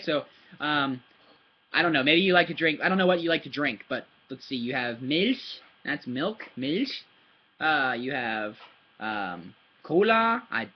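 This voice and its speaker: A man's voice: mid-range voice, husky, lo-fi sound. A man giving a casual, patient German lesson to a child, repeating words and demonstrating sounds. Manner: patient, repeats words and asks "yeah?" often; demonstrates sounds with paper and hand. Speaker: German tutor.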